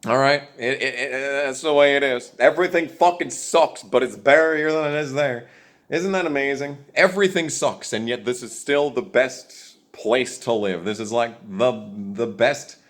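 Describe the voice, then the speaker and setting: A young man with a medium-pitched, slightly bright voice speaks at a normal pace. He's a video creator ranting to his viewers on camera about politics, angry and profane, bitter and heated, hammering the same points again and again.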